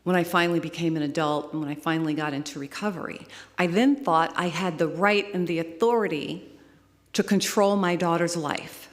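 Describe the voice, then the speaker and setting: A woman preaching a heartfelt sermon, telling her story and climbing to excited high points. Her voice carries a long reverb from a large hall. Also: normal speed. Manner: emotional storytelling, rising to excited peaks. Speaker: guest speaker.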